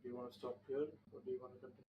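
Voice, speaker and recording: Guy running a tabletop game, pretty flat delivery, sounds far off in an echoey room with faint hum. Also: medium pitch, lo-fi sound. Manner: descriptive, measured, restarts mid-sentence. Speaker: game master. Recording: roomy distant mic with faint ambience.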